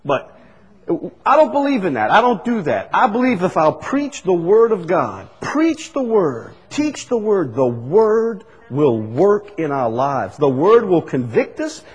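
A man's voice: high voice, very animated, measured pace, slightly rough, dull audio. A male pastor, preaching a sermon with repeated, emphatic lines that rise in bursts. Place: church sanctuary. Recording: long hall reverb.

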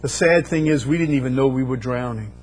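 A man preaches a sermon in a mid-pitched voice. He drives his points home with repeated phrases that swell into louder bursts. Faint instrumental music plays softly behind him. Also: brisk. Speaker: pastor.

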